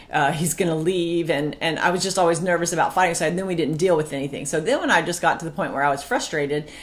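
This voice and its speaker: Female co-host, lower register, lively casual chat with acted-out quotes. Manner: animated, quotes past arguments in a raised voice. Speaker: marriage podcast co-host.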